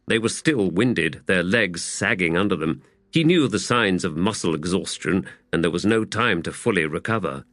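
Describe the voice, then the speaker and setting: A man narrating an audiobook in a measured, expressive storytelling manner. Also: sits low, no echo. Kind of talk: scripted narration.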